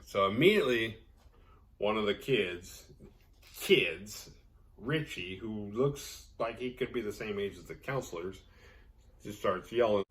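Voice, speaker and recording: A man's voice: medium pitch, very animated, unhurried, a bit bright. A man hosting a horror movie podcast, recapping a film in a rambling, sarcastic, profane way. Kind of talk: casual movie recap with jokes.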